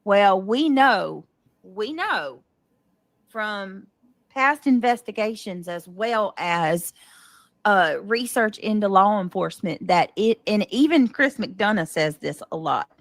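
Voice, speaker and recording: Woman streamer with a gravelly voice and a dry, close sound. She hesitates and restarts her sentences. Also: mid-range voice, lively intonation, slow, no room sound. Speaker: livestreamer being reacted to. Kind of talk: casual livestream talk.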